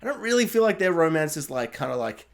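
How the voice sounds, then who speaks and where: A man's voice: a little high, very animated, fast talker, vocal fry. A young man rambling enthusiastically through a casual video film review, breaking into laughs and mimicking sound effects.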